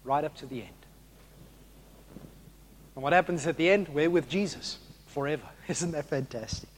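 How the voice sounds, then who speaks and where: Male preacher, high-pitched, animated sermon delivery that swings from loud to hushed. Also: normal speed.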